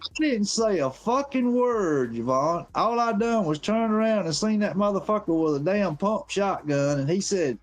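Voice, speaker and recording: A high-voiced man with a drawl spins a rambling yarn full of profanity. His delivery is animated and casual, with faint music playing behind him. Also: unhurried. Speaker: guest on a live stream. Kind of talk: casual storytelling.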